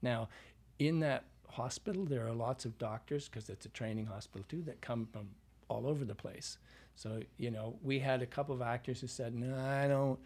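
A man's voice: medium pitch, normal speed, a little mellow, slightly rough. A man from Canada working as a dialect coach, explaining his craft in a casual interview and often checking in with "right?". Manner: explanatory, often ends points with a questioning "right?".

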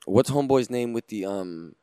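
A man co-hosting a casual podcast, speaking in a laid-back, slangy way with many halting fillers. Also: medium pitch, warm tone, clean tone, no room sound, studio quality. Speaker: podcast co-host. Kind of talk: casual chat.

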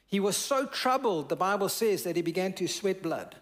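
A male pastor with a high voice and lively intonation preaches at a moderate pace. He reads passages of scripture, unpacks them, questions the congregation, and draws out words to stress them.

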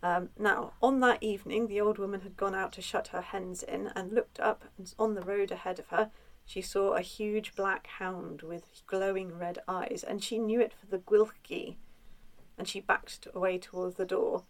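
A woman telling a spooky folk tale in a relaxed, chatty way, with frequent filler sounds. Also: medium pitch, moderate pace, poor audio. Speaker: storyteller. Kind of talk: conversational folklore storytelling.

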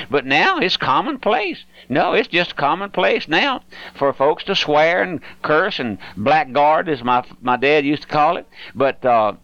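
An older man with a drawl delivers a radio sermon, pleading and fervent, his pitch swinging widely. The sound is dry and somewhat dull and lo-fi. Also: fairly bright tone, no room sound. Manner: fervent, pleading, addresses listener as my friend. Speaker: radio preacher.

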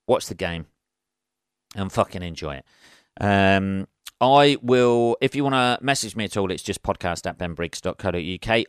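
A man's voice: fairly low pitch, a bit bright, clear, resonant tone, no echo, clean studio sound. A man hosting a solo podcast, rambling through sweary, self-deprecating stories. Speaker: podcast host.

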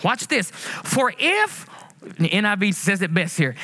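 Bright, high-voiced preaching man. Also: normal speed. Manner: preaching with animated swings, rising passionately and drawing out quotes. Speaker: pastor. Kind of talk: sermon.

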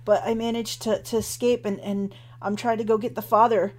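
A man's voice: high-pitched, flat delivery, a little fast. A woman voicing a frightened young male temple acolyte who stammers in a shaky voice. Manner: stammering, panicked rush of words.

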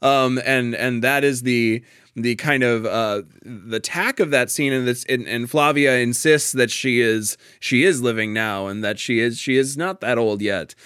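A man's voice: mid-range voice, a little slow, fairly bright tone, clear, resonant tone, dry recording, studio quality. A man in a casual, thoughtful discussion of a play, often restarting his sentences and laughing lightly.

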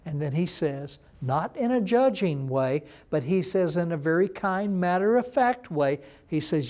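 A male pastor preaches a sermon as a story, slipping into the voices of the people he describes. His voice sits a little high for a man. The delivery is plain and conversational, like a teacher talking to a congregation. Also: lively intonation, a little slow, hardly any pauses, darkish tone.

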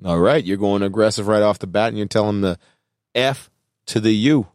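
A man's voice: lowish voice, normal speed, darkish tone, dry recording. Man, host of a casual chat, narrates scenarios, dry close sound.

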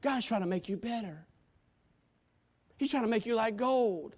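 A male preacher giving a sermon, quoting scripture in old-fashioned wording and swinging from shouted appeals to hushed, quiet lines. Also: high-pitched, normal speed. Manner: impassioned, swinging from loud shouting to hushed tones.

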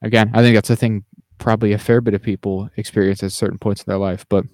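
A man's voice: lowish voice, little pitch movement, fast talker, a little mellow, no room sound, clean studio sound. A man co-hosting a podcast, musing about a film in a meandering, hedging way, thinking aloud as he goes. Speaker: podcast co-host. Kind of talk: casual movie discussion.

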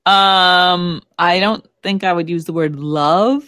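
A podcast co-host chatting casually, agreeable and quick to laugh, with many short backchannels. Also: mid-range voice, bright, forceful tone, dry recording. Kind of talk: casual chat about a soap opera.

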